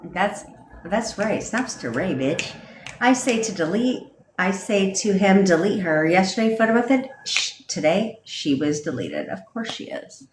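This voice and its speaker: A woman's voice: medium pitch, very animated, a little slow, background noise. A woman manifestation coach ranting on a livestream, blunt, profane and emphatic, into a phone. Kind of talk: livestream rant. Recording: roomy echo.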